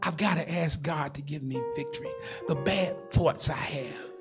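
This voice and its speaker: A man's voice: on the high side, normal speed, over music. A man in his sixties preaching a sermon as pastor, in a folksy, rhythmic style that repeats phrases and calls for responses from the congregation. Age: 60s.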